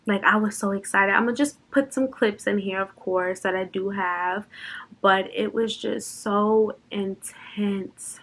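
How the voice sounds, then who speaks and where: A woman's voice: mid-range voice, steady tone, measured pace, fairly bright tone. A young woman chatting unscripted in a personal vlog, open and emotional, laughing and fighting back tears at times. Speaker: vlogger.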